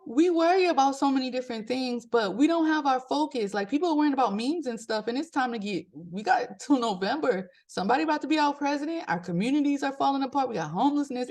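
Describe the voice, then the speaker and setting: Middle-aged woman from maryland doing her podcast, chatty and lively, laughs a lot, voice jumps up high when she makes a point. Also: brisk. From Maryland, USA. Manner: animated, laughs often, pitch jumps up for emphasis. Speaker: podcast host. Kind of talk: casual motivational talk.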